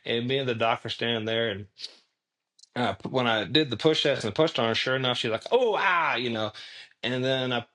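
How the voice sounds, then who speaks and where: A man's voice: medium pitch, a little fast, pushed and bright. Earnest man telling stories animatedly. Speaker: guest, clothing tech founder. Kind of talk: casual interview storytelling.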